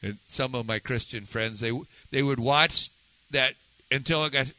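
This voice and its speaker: A man's voice: big pitch swings, moderate pace, bright, forceful tone, no room sound, low-quality recording. A man preaching a sermon in a conversational way, often asking his listeners questions. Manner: conversational, asks listeners questions, swings pitch for emphasis. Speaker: pastor.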